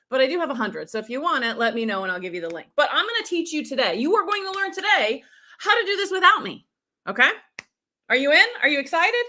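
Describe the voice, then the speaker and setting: Upbeat bright-voiced woman coach. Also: sits high. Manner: upbeat, talks straight to viewers and reads out comments. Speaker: business coach. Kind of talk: live-streamed workshop training.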